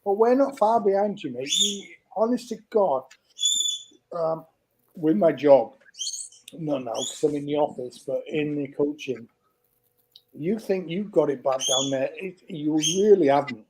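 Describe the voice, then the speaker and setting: A man's voice: a little high, measured pace, noisy background. A man with a Yorkshire accent joining a live video chat, teasing and swearing and often cutting in. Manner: teasing, sweary, keeps butting in. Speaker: guest on a live stream. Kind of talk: casual banter over a video call.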